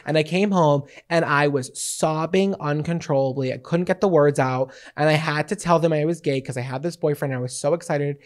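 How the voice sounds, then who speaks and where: A man in his twenties co-hosting a casual podcast, a theatrical, animated storyteller with cheeky, playful humor. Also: a little high, a little fast, few pauses. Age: 20s. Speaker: podcast co-host.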